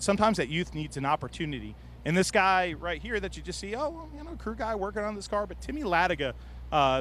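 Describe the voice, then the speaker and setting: A man hosting casual interviews in an outdoor race garage, loud and jokey. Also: on the high side, a little hiss or hum. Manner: loud, jokey, quick to exclaim. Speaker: garage reporter and host.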